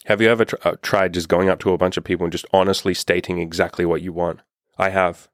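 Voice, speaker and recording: A man's voice: deep voice, little pitch movement, fast talker, dry recording, studio quality. A young man coaching on dating in a blunt, profane, impassioned casual monologue.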